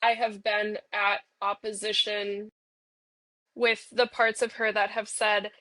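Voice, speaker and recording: Here a young woman plays an inner part of herself in parts-work role-play, playful and bubbly, with plenty of filler "like"s. She has a medium, level pitch and a sharp tone, takes her time, and the recording has no echo.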